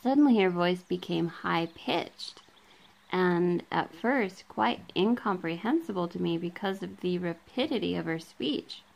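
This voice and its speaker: A woman vlogger with a fairly low, gravelly voice reads book passages aloud to her viewers, marking each quote and end quote. She adds casual asides and says um often, and the audio from the handheld camera she holds herself is poor.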